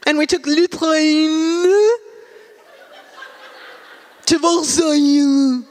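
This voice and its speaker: Faux-French snob friend put on by a woman, high and bright, theatre echo. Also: steady tone. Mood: gushing. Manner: gushing, drawn-out affected French pronunciation. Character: airy pretentious woman friend faking French airs. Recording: live theatre hall reverb.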